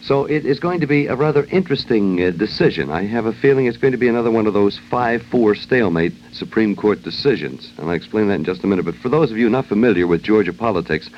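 Wry low-voiced radio host joking. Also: male voice, expressive, fast, hardly any pauses. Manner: wry, joking, loose ad-libbing. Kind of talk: comedic radio monologue. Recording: dull lo-fi old radio recording with faint hiss.

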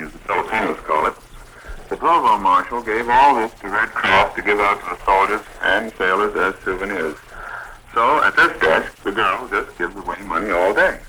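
A man's voice: low voice, bright, forceful tone, a little hiss or hum, low-quality recording. A man being interviewed about his club on a scripted 1940s radio broadcast, reading his prepared lines steadily and proudly. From United States. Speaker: Red Cross program director.

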